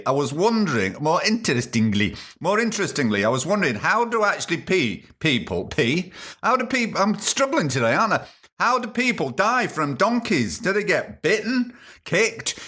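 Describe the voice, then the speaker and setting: A man's voice: fairly high pitch, pushed and bright. A man hosting a podcast, giving irreverent, sarcastic, rambling comic commentary on news stories. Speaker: podcast host.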